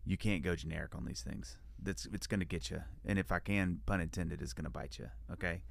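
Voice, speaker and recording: A man's voice: deep voice, brisk, creaky, dry recording. A man guest on a podcast, talking in a playful, rambling way with jokey asides. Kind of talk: casual comedic chat.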